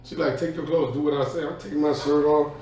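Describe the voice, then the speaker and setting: A man telling an animated childhood story in a casual podcast chat. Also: on the high side, fast talker, slight background noise. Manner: animated, acts out voices in his story. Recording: echoey room, far from the mic.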